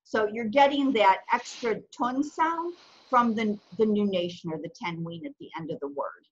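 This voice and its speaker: Breathy woman teaching patiently. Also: mid-range voice, moderate pace. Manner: patient, explains step by step. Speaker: Arabic teacher. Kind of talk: online language lesson. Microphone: video call. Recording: muffled video call audio.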